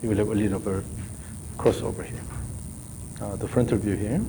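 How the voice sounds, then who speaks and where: A man's voice: on the low side, steady tone, a little fast, background noise. A man working as a golf coach in a live session, calling out short repeated drill cues and then explaining the movement.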